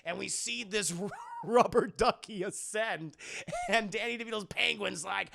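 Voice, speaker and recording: A man recapping a film scene by scene for a live stream, animated and profane, acting out the characters. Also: high voice, a little slow, gravelly.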